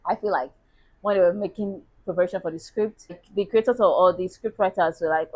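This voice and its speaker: A woman's voice: on the low side, fairly quick, rough recording. A woman chatting casually as a book reviewer, laughing at herself now and then.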